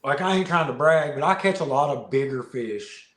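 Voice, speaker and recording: A man guesting on a podcast, telling a fishing story in a casual, animated way, often laughing and repeating words. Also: fairly high pitch, normal speed. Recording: roomy echo.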